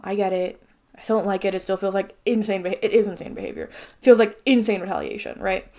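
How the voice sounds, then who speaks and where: A woman's voice: mid-range voice, a little mellow. A young woman giving a casual, ranting video commentary, swearing freely and dropping into sudden whispers. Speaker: video essayist.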